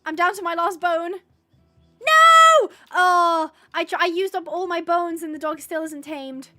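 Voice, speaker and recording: A woman streaming live gameplay, chatting to the viewers and the game animals and getting excited. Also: very high voice, brisk, faint music behind. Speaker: gaming streamer.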